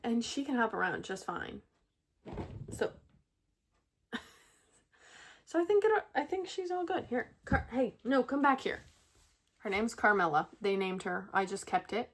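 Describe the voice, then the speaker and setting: A woman's voice: on the high side, lively intonation, unhurried, pauses often, breathy edge. A young woman vlogging at home, telling a rambling story to camera, full of fillers and restarts. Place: at home with pet rabbits.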